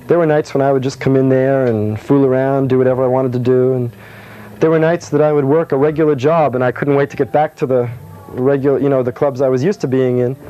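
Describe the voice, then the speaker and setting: Man, comedian, soft-spoken, meandering, mid-pitched. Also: highs cut off. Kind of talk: casual interview answers.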